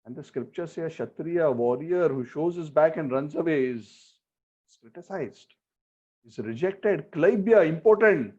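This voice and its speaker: Man teaching scripture, slightly high voice. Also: animated, mellow. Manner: chants verses slowly, asks rhetorical questions. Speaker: spiritual teacher. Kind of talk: sermon on scripture. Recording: dull lo-fi recording.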